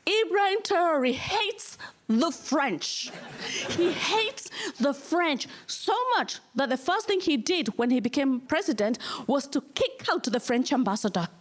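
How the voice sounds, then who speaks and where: A woman's voice: high voice, very animated, unhurried. Emphatic Kenyan woman comedian. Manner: emphatic, repeats punchlines. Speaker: stand-up comedian. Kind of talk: live stand-up comedy.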